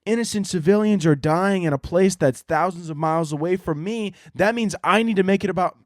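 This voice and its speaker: A self-absorbed worrier whines in an overdone, high voice, as a man mocks the type. The sound is close and dry, the manner sneering and exaggerated. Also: brisk, no room sound, natural voice. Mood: mocking. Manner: mocking, exaggerated whining. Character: whiny self-absorbed anxious person.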